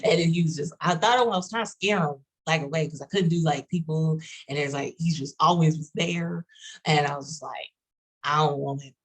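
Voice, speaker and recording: A woman with a Texas accent chatting on a roundtable video call, talking fast and rambling with many fillers. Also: low-pitched, breathy edge, rough recording. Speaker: roundtable panelist. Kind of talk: casual chat.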